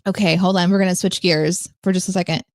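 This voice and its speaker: A chatty woman co-hosting a podcast, with a lowish voice. She tells stories with a laugh, and the sound is close and dry. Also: steady tone, fast, no echo. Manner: chatty, laughs often, storytelling. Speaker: podcast co-host. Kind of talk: casual chat.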